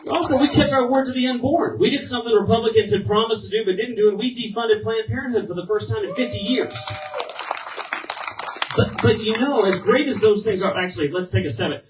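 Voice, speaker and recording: A state representative with a slightly high voice gives a fired-up political rally speech in an event hall, throwing questions at the crowd. The mic is heard from a distance in the echoey hall, with a little hiss or hum.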